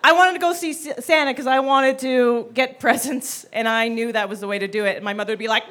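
Woman, comic live storytelling, animated, shouty acted-out moments, faint background hiss. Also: a little high, fairly quick. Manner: animated, acts out childhood scenes with shouts. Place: theater stage before a live audience.

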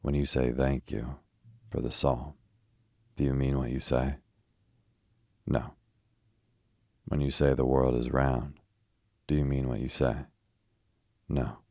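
A deep-voiced man reading a sharp, argumentative young poet. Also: level tone, slow pace, long pauses, no echo, studio quality, heavily acted. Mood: arguing. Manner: crisp, pointed argument.

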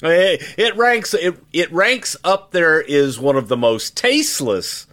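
A man's voice: on the high side, very animated, slow, fairly bright tone. A middle-aged man on a podcast who recalls his career in a blunt, emphatic way and firmly denies claims made about him. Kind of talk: casual podcast conversation.

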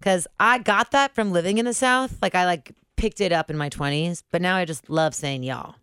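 Smooth-voiced woman chatting on a podcast. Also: fairly low pitch, moderate pace, a bit bright, no echo, clean studio sound. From Ohio. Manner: chatty, musing, laughs easily. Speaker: podcast co-host. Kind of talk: casual chat.

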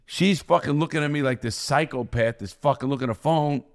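This podcast guest is a middle-aged American ex-convict who curses nonstop while bluntly recounting stories in conversation. His delivery is fairly quick and jumps between loud bursts and hushed, low remarks.

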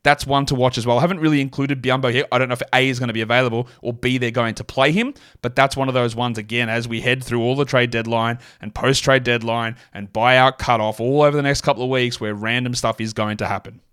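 A man's voice: mid-range voice, steady tone, fast talker, hardly any pauses, a bit bright, smooth. A man hosting a fantasy basketball podcast, talking through his picks in a rambling, self-correcting way full of fillers. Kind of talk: solo podcast analysis.

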